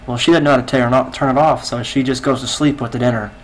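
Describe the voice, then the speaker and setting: A man's voice: medium pitch, fairly even intonation, fast talker, slight background noise, poor audio. A man telling a long dirty joke in game voice chat, rambling with lots of fillers, on a headset mic. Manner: rambling, filler-heavy storytelling. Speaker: game player.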